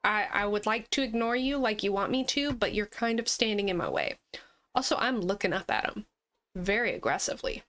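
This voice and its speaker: A woman's voice: medium pitch, lively intonation, brisk, a bit bright. A woman hosting a gaming channel, chatting casually and playfully with frequent giggles as she plays. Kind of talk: casual gameplay chat.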